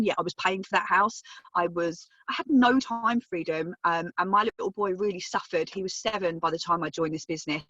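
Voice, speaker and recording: A woman's voice: on the low side, sharp tone, dry recording, dull audio. A woman in her thirties giving an emphatic, chatty testimonial on a video call, swearing casually as she tells her story. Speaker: business testimonial speaker. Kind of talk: motivational testimonial on a group call.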